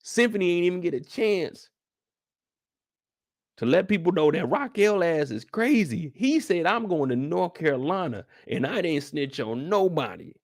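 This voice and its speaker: Animated man hosting a show recap. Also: on the high side, moderate pace, no echo, clean studio sound. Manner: animated, slangy storytelling to viewers. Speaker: TV after-show host. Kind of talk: casual episode recap commentary.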